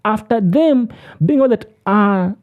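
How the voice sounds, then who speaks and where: Lively, preachy speaker. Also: mid-range voice, slow pace, narrow, tinny audio. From Africa. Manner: emphatic, preachy, repeats words. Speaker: commentator. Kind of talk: impassioned monologue.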